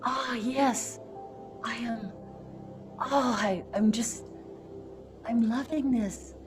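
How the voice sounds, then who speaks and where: Newborn baby, wondering and quick to fuss, soft breathy halting talk, put on by a woman, slow pace. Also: on the high side, over music. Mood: delighted. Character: newborn baby, wondering, easily upset and soothed. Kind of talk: guided meditation role-play.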